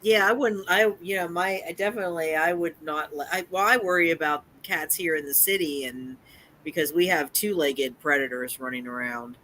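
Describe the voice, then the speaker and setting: A woman's voice: low-pitched, moderate pace, sharp tone. A woman co-hosting a casual live chat, joking and teasing her friend. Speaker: co-host.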